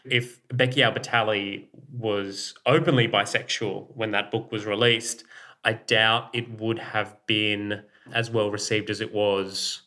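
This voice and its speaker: Animated Australian man with a bright voice. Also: on the low side, measured pace. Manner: animated, swears freely, acts out quoted voices. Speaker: children's author, guest. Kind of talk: casual interview storytelling.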